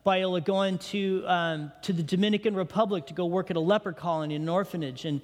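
A middle-aged male pastor with a high voice talks fast during a conversational sermon, regularly questioning the congregation. The church sanctuary lends the recording a long hall reverb.

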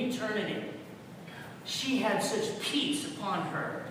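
A male pastor with a high voice preaches to his congregation, firing rhetorical questions and repeating key words for emphasis, loud one moment and hushed the next. He is heard from a distance in a large church hall with a long echo and a steady low rumble behind him. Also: normal speed. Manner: rhetorical questions, emphatic repetition, swings between loud and quiet. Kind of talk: sermon. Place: large echoey church sanctuary. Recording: echoey hall, distant mic, rumbling noise.

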